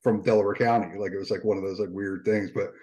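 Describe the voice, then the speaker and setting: A man's voice: on the low side, fairly even intonation, fast, mellow, highs cut off. A man, co-hosting a casual podcast. He thinks aloud, rambling and repeating words as he goes. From suburbs outside Philadelphia. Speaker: podcast co-host.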